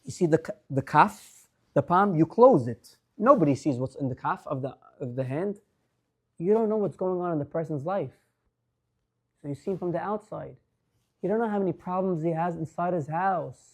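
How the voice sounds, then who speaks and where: A man's voice: on the high side, expressive, normal speed. A male rabbi giving a religious class, earnest and emphatic, stretching words for stress.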